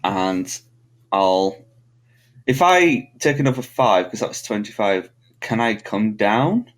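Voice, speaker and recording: A man's voice: fairly low pitch, animated, slow. A man playing a tabletop game, hesitant and self-mocking about his moves. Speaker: player. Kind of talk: casual tabletop play.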